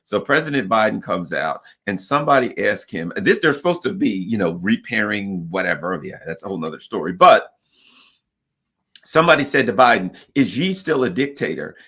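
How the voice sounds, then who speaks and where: A man hosting casual political talk, emphatic and halting with fillers. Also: lowish voice, expressive, fairly bright tone, husky. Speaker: host.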